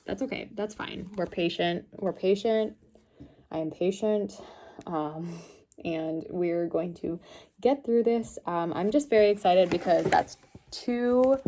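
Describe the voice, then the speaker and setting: Young woman, casual vlog, low-pitched voice, chatty, filler words. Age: young adult. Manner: chatty, nervous, filler-heavy. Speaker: vlogger.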